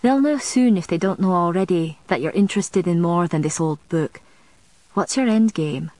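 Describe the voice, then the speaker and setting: A woman's voice: fairly low pitch, animated, normal speed, darkish tone, no echo, close to an everyday voice. A woman doing a curt, careful male demon. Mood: pressing. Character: calm, probing male demon friend, sharp-witted. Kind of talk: audiobook character voice.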